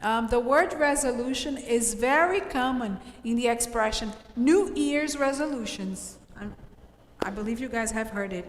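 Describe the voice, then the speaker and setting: A woman's voice: a little high, moderate pace. A woman English teacher, explaining grammar patiently to her class and checking often that everyone follows. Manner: patient, explanatory, checks understanding with frequent "okay?". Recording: roomy, reverberant room sound.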